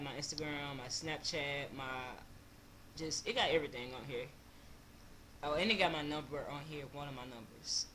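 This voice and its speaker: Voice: mid-range voice, background noise. A young adult of about twenty from Louisiana, with a Louisiana accent, telling a loose, slangy storytime vlog. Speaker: vlogger.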